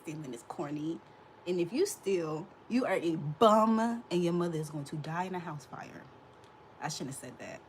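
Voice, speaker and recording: A woman in her thirties with a lowish voice hosts a casual livestream from a hot room, laughing and sassily replying to her chat. A little hiss or hum sits in the audio.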